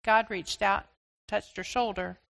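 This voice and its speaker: A woman preacher telling a story sermon in a deliberate, expressive storytelling manner. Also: mid-range voice, creaky, long reverb tail.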